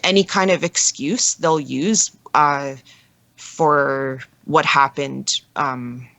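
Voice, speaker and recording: A woman being interviewed as a guest, telling a personal story in an earnest, halting way with frequent restarts. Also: deep voice, a bit bright, no room sound.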